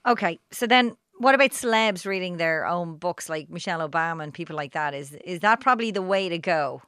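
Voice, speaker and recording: A woman's voice: lowish voice, a little fast, fairly bright tone, clean tone, no room sound, studio quality. A woman hosting an interview, asking short, curious questions in casual chat. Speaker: interviewer host.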